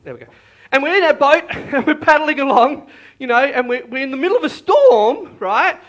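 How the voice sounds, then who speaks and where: Bright, lively preacher man. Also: very high-pitched, normal speed. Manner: lively, repetitive, calls out to the congregation. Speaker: pastor. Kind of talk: sermon.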